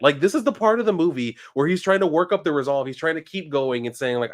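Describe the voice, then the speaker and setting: A male streamer chatting casually on a live stream, reading out viewer messages. His pitch swings widely as he gets worked up, and he swears freely in a loose, joking way. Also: fast, few pauses. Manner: animated, swearing, reads chat aloud.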